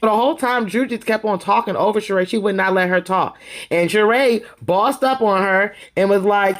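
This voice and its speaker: A woman casually recapping a reality TV episode, gossipy and animated, breaking into laughs as she acts out what the cast said. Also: medium pitch, normal speed.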